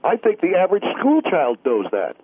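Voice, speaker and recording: A man's voice: high voice, wildly swooping pitch, moderate pace, breathy edge, no echo, voice pushed up, exaggerated voice. A man playing a combative caller who keeps badgering the host, heard over a muffled line. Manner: argumentative, badgering. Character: combative pestering male caller.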